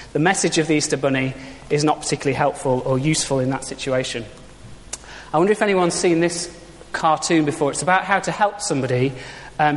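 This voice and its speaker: A man's voice: on the high side, slight background noise. Friendly preaching man in a reverberant church. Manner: informal, conversational, uses props and rhetorical questions. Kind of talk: sermon.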